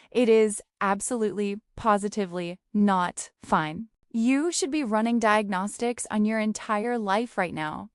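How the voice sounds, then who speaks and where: A woman's voice: on the high side, dry recording. Playful woman narrator, dry sound. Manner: playful, teasing. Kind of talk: scripted humorous narration.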